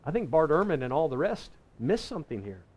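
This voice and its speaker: A man teaching a Bible lesson in a folksy, conversational way, slowing down to read scripture verses. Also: on the high side, very animated, a little mellow. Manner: folksy and conversational, reading scripture slowly and deliberately; self-correcting with frequent restarts. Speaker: pastor teaching a Bible class.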